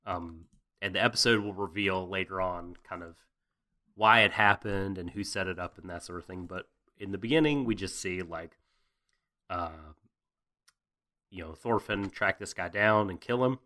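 A man's voice: low-pitched, normal speed, pushed and bright. A man co-hosting a casual anime recap, jokey, profane and rambling. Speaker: podcast co-host.

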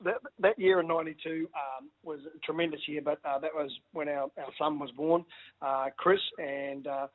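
A middle-aged man, a former rugby league player, chatting excitedly as a radio guest, stumbling over restarts and calling everyone mate. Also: a little high, normal speed. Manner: excitable, stammering restarts, says mate a lot. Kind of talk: casual radio phone interview. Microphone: phone. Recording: phone-line audio.

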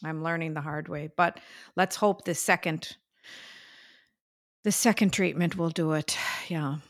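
An older woman co-hosting a podcast, chatting casually and telling stories with drawn-out fillers and sighs. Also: low voice, fairly even intonation. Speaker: podcast co-host. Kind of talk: casual chat.

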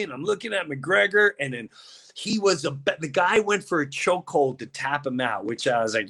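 A podcast host with a high-sitting voice tells a story at normal speed during a casual chat. He's animated, acting out the voices of the people in his tale.

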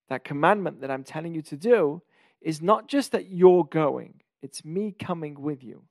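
A podcast host teaching the weekly Torah portion gives a casual spoken lesson, explaining Hebrew terms and posing rhetorical questions. His voice is a little high, gravelly and expressive at a normal speed, recorded dry with clean studio sound.

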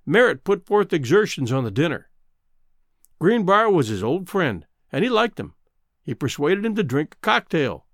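A man narrating a classic story in an expressive storytelling manner. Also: fairly high pitch, moderate pace, no echo, clean studio sound. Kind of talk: audiobook narration.

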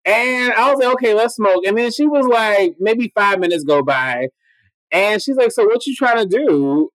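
A man telling a story on a casual podcast, profane and animated, acting out every quoted line of dialogue. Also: high-pitched, normal speed, no echo, low-quality recording.

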